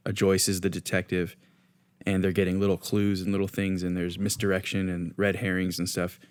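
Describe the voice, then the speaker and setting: A man's voice: sits low, completely flat delivery, fairly quick, clean tone. A man co-hosting a podcast, talking loosely with many restarts and fillers. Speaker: podcast co-host. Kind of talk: casual chat.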